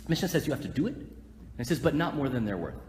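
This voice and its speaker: A man's voice: mid-range voice, fast. A rabbi teaching a live Torah class, joking and putting questions to his listeners. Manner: animated, joking, asks the audience questions. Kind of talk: lively live Torah lecture. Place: lecture hall with live audience. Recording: echoey hall, faint room noise.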